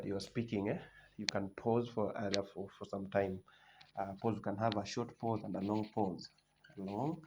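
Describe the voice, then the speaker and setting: A man teaching an exam revision lesson, listing points one by one, repeating key terms and often restarting his sentences. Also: lowish voice. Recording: noisy background.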